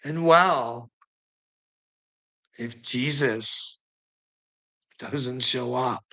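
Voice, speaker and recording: A man's voice: mid-range voice, very slow, creaky, sharp tone, low-quality recording. A man rambling casually to his livestream chat, swearing a lot and chuckling often between phrases. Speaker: livestream host talking to chat.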